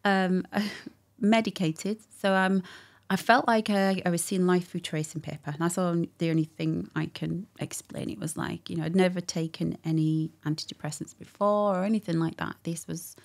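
A woman telling a personal story as a guest in a candid conversation, animated and acting out what people said, with frequent laughs. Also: on the low side, moderate pace, creaky, hardly any pauses. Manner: animated, acts out quotes, laughs often.

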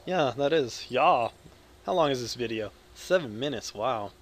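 A man from the United States giving rambling gameplay commentary, loud and jokey with crude humor, swinging between yelling and mumbling. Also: mid-range voice, expressive, moderate pace, a little hiss or hum. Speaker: gaming video creator.

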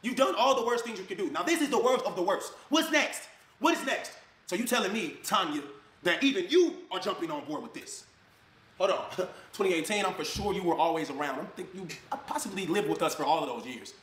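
A man with a high voice tears into his critics at a rapid clip. He sounds angry and mocks the people he quotes, and his voice rings around an echoey room. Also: lively intonation, a bit bright. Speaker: influencer addressing critics. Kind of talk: heated ranting video clip.

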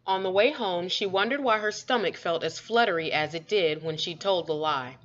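A woman reading a children's story aloud with expressive, lively storytelling. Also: fairly low pitch, moderate pace. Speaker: storybook reader. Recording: dull lo-fi recording.

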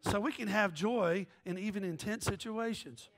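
Animated high-voiced pastor. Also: male voice, moderate pace. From American South. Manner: animated, joking, jumps between quoted voices. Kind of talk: sermon with storytelling.

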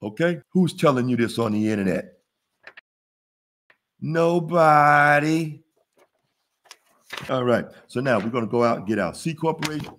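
A man hosting a business webinar, talking in a casual, preachy way with lots of call-and-response questions. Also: medium pitch. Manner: preachy, call-and-response, laughs at own jokes. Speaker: webinar host, business funding teacher. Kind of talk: casual motivational webinar teaching.

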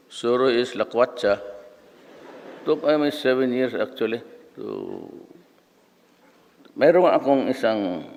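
A man in his seventies from the Philippines, giving a rambling, anecdotal speech as guest speaker at an alumni event. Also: medium pitch. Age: 70s. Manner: rambling, storytelling, mixes languages. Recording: echoey hall.

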